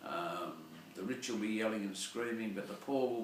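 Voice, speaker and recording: A man's voice: on the low side, steady tone, fairly quick, few pauses, slight background noise. An older man, a Catholic priest giving a rambling, digressive Sunday reflection and often searching for words. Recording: echoey room, voice from far off.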